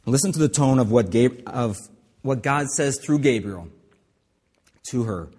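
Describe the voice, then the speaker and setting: A man's voice: medium pitch, expressive, measured pace, darkish tone, slightly rough. Male pastor, casual preaching style with restarts, recorded in a reverberant hall. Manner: conversational preaching with asides and restarts. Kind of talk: sermon.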